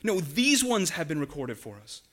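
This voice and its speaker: Bright-voiced male pastor preaching earnestly. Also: on the high side, big pitch swings. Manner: earnest, emphatic, slows and drops to a hush for key words. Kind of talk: sermon.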